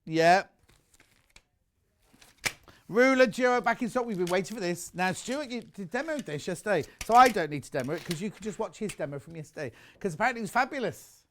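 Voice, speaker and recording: A man's voice: high voice, lively intonation, a little fast, a little hiss or hum. A British man presenting live on a shopping channel, chatty and rambling as he sells sewing goods. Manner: chatty, rambling, reads out viewer messages.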